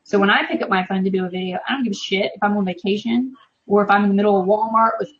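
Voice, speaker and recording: A woman in her thirties talks with fierce, emphatic passion, swearing freely in the heat of her point. Her voice sits at an ordinary pitch for a woman. The audio from her video call comes through a little muffled and lo-fi. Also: very fast. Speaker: interview guest, online business marketer. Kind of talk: casual live-stream interview.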